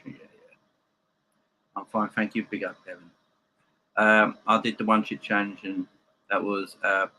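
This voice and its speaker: A man's voice: low-pitched, bright, forceful tone, a little hiss or hum, low-quality recording. A man hosting a live football watchalong from home, chatting casually and bantering with viewers as he reads their comments.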